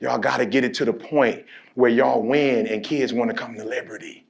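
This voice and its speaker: A man giving an energetic motivational speech, leading the crowd in call-and-response and building to shouts, with slang-filled storytelling. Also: mid-range voice, normal speed, vocal fry, slightly rough. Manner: slips into street slang and storytelling. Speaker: motivational speaker.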